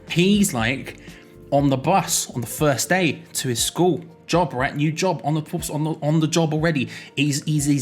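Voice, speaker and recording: A young man giving a jokey, rambling explainer vlog, often correcting himself mid-sentence. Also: mid-range voice. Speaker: YouTuber.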